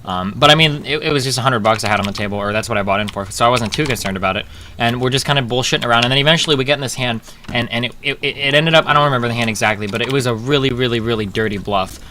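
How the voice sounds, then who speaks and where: A man's voice: mid-range voice, very fast, a little hiss or hum. A man streaming, telling a rambling poker story full of profanity, with fillers and restarts. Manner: profane, rambling, gets loud and laughing.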